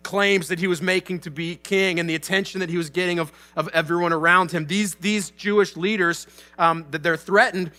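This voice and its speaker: A man's voice: high voice, steady tone, fairly quick, sharp tone, soft background music. A man in his thirties preaching a sermon in a church, retelling the story casually and animatedly with many restarts. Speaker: pastor.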